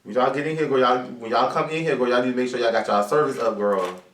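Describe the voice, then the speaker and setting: A man's voice: medium pitch, fast, a bit bright. Sassy flamboyant man chatting on a live stream. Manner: flamboyant, sassy, calls everyone "girl". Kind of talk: casual live stream chat. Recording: echoey room, distant mic, faint hiss.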